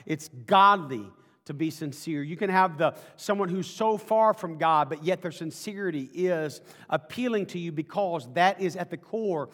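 A pastor delivers a sermon in a high, bright voice. He starts folksy and conversational, then builds into fervent, rising preaching. His voice carries through a church with a long, ringing reverb. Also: normal speed.

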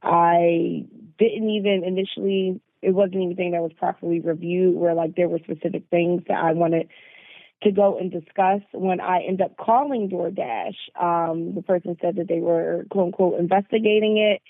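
A woman on a phone call, calmly and in detail describing a bad customer service experience. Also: on the low side, vocal fry, no room sound. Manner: measured, detailed, aggrieved. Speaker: caller. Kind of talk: phone complaint. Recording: tinny phone line.

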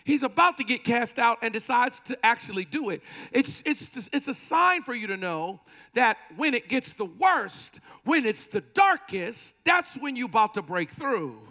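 A man preaching a sermon with animated delivery, playful asides and call-and-response with the congregation. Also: extremely high pitch, normal speed. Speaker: pastor.

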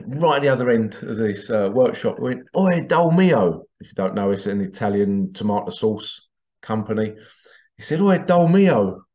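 A middle-aged man talks in a loose, rambling way, often breaking into chuckles and repeating himself. His voice sits at an ordinary pitch for a man. The recording sounds slightly dull and lo-fi. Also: a little mellow. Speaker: tradesman vlogger. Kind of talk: casual anecdotal monologue.

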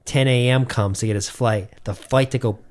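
He's a young man from Massachusetts with a mid-range voice and a moderate pace. As a podcast co-host, he tells stories in a loose, animated, curse-filled style.

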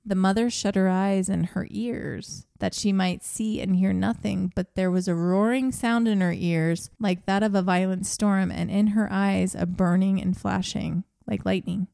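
This is a woman reading an old fairy tale aloud on a podcast, slipping into small voices for the characters. Her voice is low in brightness and mellow, with a gravelly fry. The sound is close and dry, with no room around it. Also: steady tone, measured pace, few pauses, dry recording. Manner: reads the story aloud with brief acted quotes and frequent laughter. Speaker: podcast co-host.

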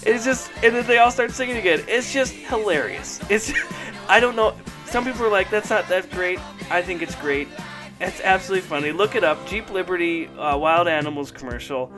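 A man co-hosting a casual podcast chat, rambling excitedly and laughing often as he talks. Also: sits high, brisk, music in the background. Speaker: podcast co-host. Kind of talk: casual chat about old commercials.

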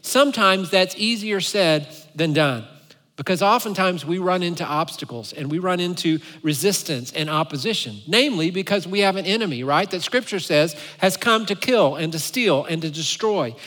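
A male pastor delivers a sermon with playful, animated storytelling. His voice is high and bright and forceful. It rings through a church sanctuary with a long hall echo. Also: moderate pace.

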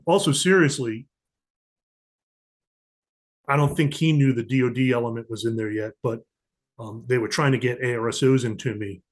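A middle-aged man's medium-pitched voice carries a breathy edge as he appears as a podcast guest. A diplomatic security agent, he casually tells stories in an interview, acting out the people's dialogue with animation.

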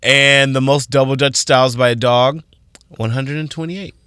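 A man co-hosting a morning radio show, reading out trivia questions and adding quick, casual asides. His voice sits in a middling pitch and has a bright, forward edge. The studio mic keeps the sound close and dry. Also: steady tone, clear, resonant tone, no room sound. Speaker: radio co-host. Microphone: studio microphone.

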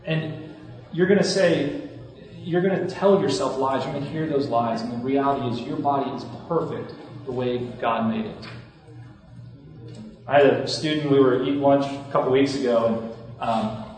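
A man in his thirties speaks to a room of students as their campus minister, in an earnest, conversational way that often breaks off and restarts. His voice sits at an ordinary middle pitch. He is heard from a distance across a large hall, with a long echo. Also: fairly even intonation, moderate pace, pauses often, a little mellow, faint music behind. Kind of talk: conference talk to students. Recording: echoey hall from far off.

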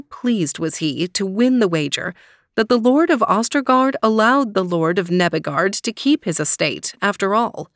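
A woman storyteller reading a storybook aloud in a calm, measured manner, then reflecting on it. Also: medium pitch, no room sound, studio quality.

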